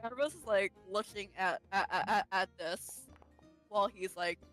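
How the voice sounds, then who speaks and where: A woman's voice: mid-range voice, moderate pace, fairly bright tone, soft background music, rough recording. A woman playing in a tabletop game, chatting casually with giggles and stammers. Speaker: player.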